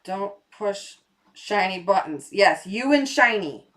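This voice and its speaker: A woman's voice: medium pitch, lively intonation, takes it slowly, fairly bright tone. A woman streaming live while carving a pumpkin, chatting playfully and rambling to her viewers. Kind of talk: casual live-stream chat.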